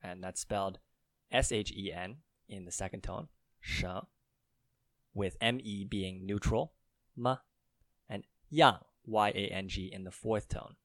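A man co-hosting a Mandarin lesson, slowly explaining words and spelling out their tones. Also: deep voice, steady tone, fairly bright tone, no room sound, clean studio sound. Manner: slow, careful spelling out of tones. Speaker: co-host teaching Mandarin.

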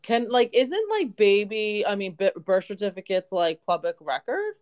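A woman's voice: mid-range voice, big pitch swings, normal speed, a little mellow. A woman co-hosting a podcast in casual chat, blunt and swearing freely, with lots of filler words. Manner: speaks with a confident professional opinion. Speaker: podcast co-host.

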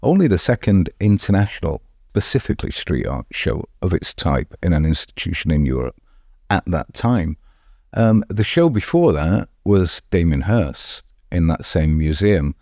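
Middle-aged man, festival founder, very low mellow voice, dry close sound, emphatic with restarts. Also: big pitch swings, normal speed, dry recording. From England. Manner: emphatic, repeats words when restarting. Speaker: street art festival founder. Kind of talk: podcast interview answers.

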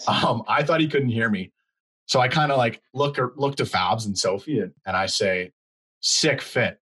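On a low-quality recording, a young podcast co-host with a husky, mid-range voice talks at normal speed. He narrates a story in relaxed conversation, animatedly performing the quoted lines.

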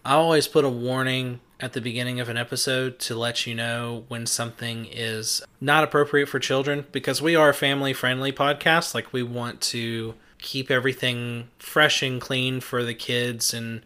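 A man's voice: mid-range voice, steady tone, bright, forceful tone. A man hosting a casual podcast, chatty and joking as he talks through a movie. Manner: chatty, joking, quick restarts. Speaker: podcast host.

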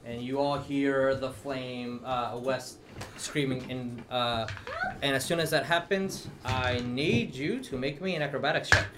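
A man's voice: mid-range voice, fairly even intonation, background noise. A man narrating as dungeon master, often stopping and restarting his sentences. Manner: halting, full of restarts. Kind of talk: narrating a tabletop game.

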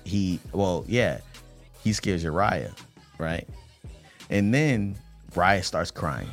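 A man in his thirties co-hosting a marriage podcast, telling a family story in a loose, animated, slangy way. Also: deep voice, slow, soft background music. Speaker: podcast co-host. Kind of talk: casual chat.

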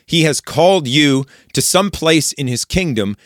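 A man's voice: on the high side, lively intonation, measured pace, fairly bright tone, no echo, clean studio sound. A man preaching on a psalm, speaking earnestly and directly to the listener. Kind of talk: radio-style Bible teaching.

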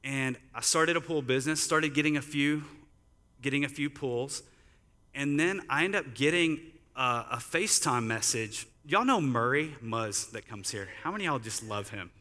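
A man's voice: medium pitch, animated, normal speed, pushed and bright, in a large hall. A man preaching a sermon in a conversational storytelling manner, using lots of "like" fillers. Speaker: pastor. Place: church sanctuary.

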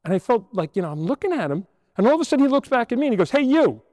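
A man's voice: extremely high pitch, sing-song, racing, a little mellow, no echo, big-room sound. A man in his sixties, a priest, telling a story in a homily to children and asking them rhetorical questions. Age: 60s. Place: church.

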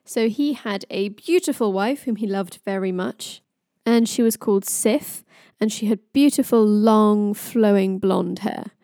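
A young woman retells old myths on a podcast in a chatty, casual way, full of jokey asides. Her voice is mellow and soft-edged. The recording is dry and close. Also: medium pitch, unhurried, no echo. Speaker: podcast storyteller.

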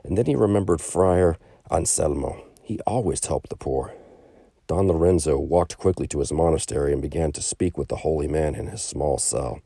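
A man reading a children's story aloud in a calm narrating voice, raising his pitch for the quoted characters. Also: normal speed, gravelly, breathy edge, no room sound, studio quality.

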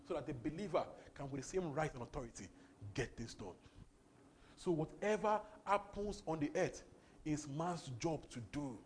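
A man preaching a sermon, emphatic, repeating words and swinging between loud and soft. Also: fairly high pitch, moderate pace. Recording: faint background noise.

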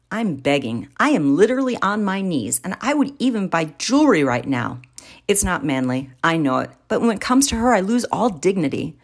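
A woman's voice: big pitch swings, normal speed. A woman reading a first-person story aloud in a wry, theatrical manner. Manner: wry, theatrical, big swings in pitch. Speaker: narrator.

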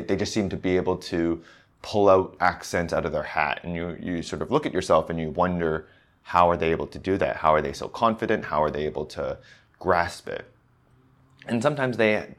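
A man who works as an accent coach, talking through pronunciation practice in a conversational way, often restarting and asking "right?". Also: low voice. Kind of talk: casual instructional talk.

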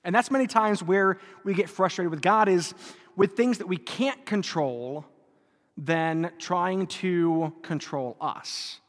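A man's voice: high voice, takes it slowly. A man in his thirties, a Catholic priest, preaching a conversational, self-deprecating sermon to a live congregation. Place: church before a live congregation. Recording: reverberant church hall.

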